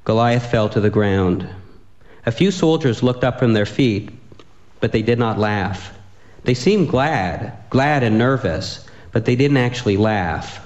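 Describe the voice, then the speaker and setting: A man reading a comic story aloud with a dry, deadpan delivery. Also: medium pitch, unhurried, lo-fi sound.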